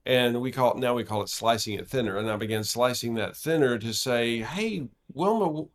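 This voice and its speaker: A man, a researcher and podcast guest, explaining his findings in conversation in a measured way, with occasional "uh"s. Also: mid-range voice, steady tone.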